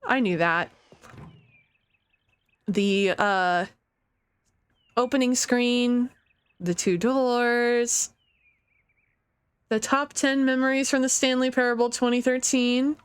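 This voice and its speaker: Slow-talking woman streamer, dry mic. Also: on the high side, smooth, dry recording. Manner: chatty, giggly, thinks out loud. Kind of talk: casual let's-play commentary.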